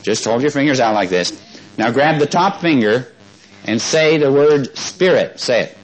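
This call-and-response sermon comes from a man with a medium-pitched voice, lively intonation, and a moderate pace, captured in a rough recording. He keeps it folksy and conversational, often quizzing the congregation and getting them to repeat words back.

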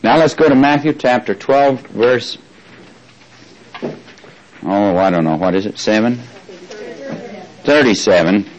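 A man's voice: on the low side, slow pace, pauses often, slight background noise, poor audio. Man teaching a Bible study. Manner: asks the audience questions, repeats key phrases. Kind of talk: sermon-style Bible teaching.

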